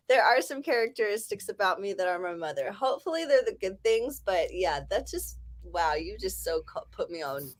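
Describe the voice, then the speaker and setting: A woman's voice: medium pitch, animated, normal speed, hardly any pauses. A woman in her forties with an Ohio accent and a slight lisp, hosting a casual writing-sprint stream in a chatty, rambling, self-deprecating way. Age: 40s. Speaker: livestream host.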